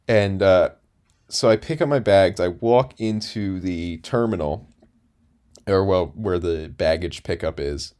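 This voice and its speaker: A man's voice: low voice, a little slow, darkish tone. A man in his twenties telling a long story in a casual chat, rambling with lots of fillers and restarts. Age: 20s. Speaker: podcast co-host.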